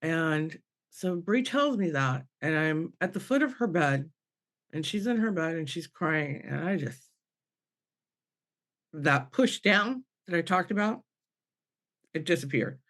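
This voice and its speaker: A woman's voice: sits low, lively intonation, measured pace, long pauses, a bit bright. A middle-aged woman, a medium on a panel podcast, telling an emotional personal story, acting out quoted voices and restarting her sentences. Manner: acts out quoted voices, restarts, laughs through tears.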